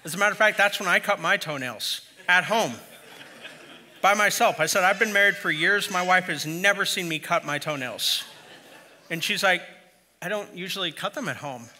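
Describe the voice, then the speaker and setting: A middle-aged man preaching with a bright, forceful voice pitched fairly high for a man. He tells stories with humor and speaks straight to his listeners in an easy, conversational way. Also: moderate pace. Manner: humorous storytelling, conversational and direct. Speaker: pastor. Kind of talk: sermon.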